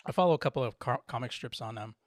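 A man co-hosting a podcast in casual chat, relaxed, laughing often and swearing freely. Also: medium pitch, very fast, dry recording, studio quality. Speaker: podcast co-host.

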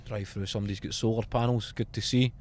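A man's voice: lowish voice, steady tone, quick pace, a little mellow, slight background noise. Chatty scottish man in a car. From Scotland. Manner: joking, chatty storyteller. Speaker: passenger guest. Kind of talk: casual chat in a car. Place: inside a car.

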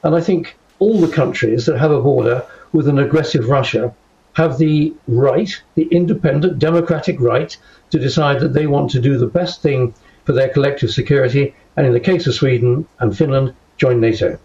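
A man's voice: mid-range voice, moderate pace, warm tone, lo-fi sound. An older man, a guest in a studio interview, speaking firmly and measuredly and stressing key words. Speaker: guest commentator.

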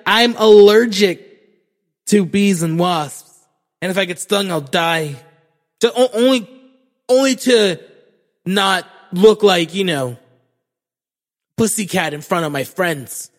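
Casting: a podcast host, a young man with a high voice, profane and animated, recorded in a long echoing hall. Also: slow pace, pauses often. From Florida, USA. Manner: profane, animated, self-mocking. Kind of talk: comedic storytelling monologue.

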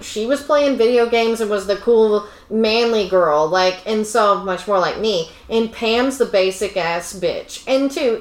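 A woman chatting casually on a podcast, blunt and opinionated, her talk full of fillers. Her voice has a middle pitch and sounds a little roomy. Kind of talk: casual chat. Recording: echoey room.

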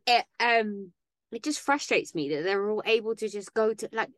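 A woman with a mid-range voice talks at a moderate pace, recorded dry with clean studio sound. She co-hosts a podcast in casual, sarcastic, chatty conversation and occasionally trips over her words.

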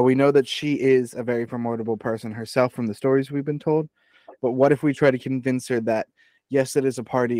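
A man's voice: mid-range voice, darkish tone, no room sound. A man playing a tabletop game, talking earnestly and slipping between his character and plain table talk. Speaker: player.

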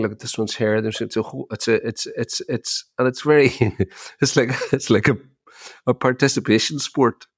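Gravelly man telling stories. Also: on the low side, moderate pace, dry recording, studio quality. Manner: animated storyteller, repeats words when starting sentences. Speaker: podcast co-host. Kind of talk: casual chat.

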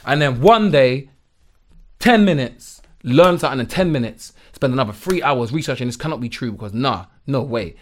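A young man appears as a podcast guest, talking animatedly in a mid-range voice at normal speed. The chat is casual and full of slang, with "bruv" cropping up repeatedly.

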